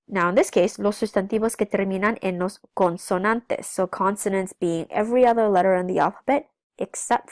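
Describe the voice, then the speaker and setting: Woman teacher, patient step-by-step explainer, mid-pitched voice, dry close recording. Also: a little mellow, no room sound. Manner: explains step by step, checks in with "okay?"; switches between English and Spanish. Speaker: Spanish teacher. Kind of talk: recorded classroom lesson.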